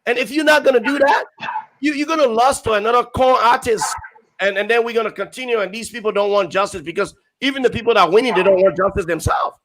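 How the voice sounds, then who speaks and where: High-pitched emphatic male panelist. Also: quick pace, a bit bright, poor audio. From Liberia. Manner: emphatic, reads quotes aloud, repeats phrases. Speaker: forum panelist. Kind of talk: impassioned political argument.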